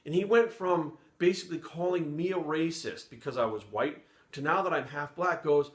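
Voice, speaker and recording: Speaking at a moderate pace with a slightly high voice, this middle-aged Providence, Rhode Island man, once a police sergeant, spins a casual, blunt, heavily profane story. The recording has a roomy echo.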